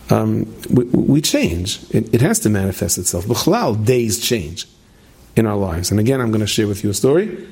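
A man gives a storytelling sermon in a dark, gravelly voice with a husky grain. He stumbles over repeated words and slips in dry humorous asides. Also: lowish voice. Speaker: speaker giving a religious talk. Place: stage with plexiglass screen.

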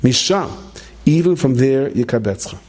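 A man's voice: mid-range voice, animated, moderate pace, darkish tone, a little hiss or hum. A middle-aged man giving a late-night Torah lecture to students, telling stories in a rambling way with many restarts and questions to the room. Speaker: rabbi teaching a class.

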